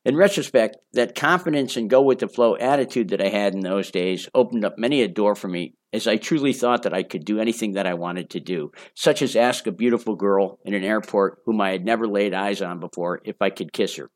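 A man's voice: on the low side, a little fast, hardly any pauses. An older man reading his own memoir aloud, telling a candid, boastful story. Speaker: memoir narrator.

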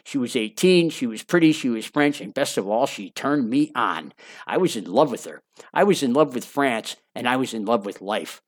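A man's voice: medium pitch, expressive, normal speed. A man narrating his own memoir in a conversational way, with wry asides and phrases repeated for emphasis.

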